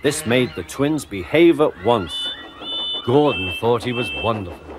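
Man narrating an expressive storybook. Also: mid-range voice, a little slow, very noisy. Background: background music.

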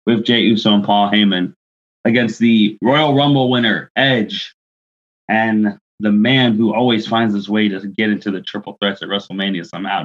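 A man co-hosting a casual podcast leads the review segment and asks his co-hosts for their takes. His voice sits on the low side with a fairly bright tone, and the audio sounds dull.

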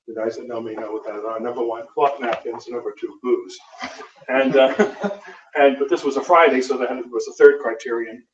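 An American man, a Catholic priest, tells stories from the podium with relaxed, dry humor and frequent fillers. His voice sits in the middle range and is picked up from a distance in a roomy hall. The sound is dull and lo-fi, with faint noise underneath. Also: mid-range voice, moderate pace. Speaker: Catholic priest giving a conference talk. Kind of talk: anecdotal conference talk. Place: lecture hall.

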